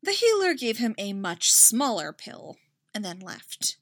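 A woman reads a story aloud at an easy, slow pace, letting her pitch rise and fall expressively. The sound is close and dry, with no room around it. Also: big pitch swings, no echo. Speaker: narrator. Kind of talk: reading fan fiction aloud.

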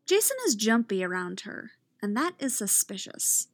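A woman narrating a story aloud in a calm, even reading voice. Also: mid-range voice, normal speed, no room sound, clean studio sound. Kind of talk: reading fan fiction aloud.

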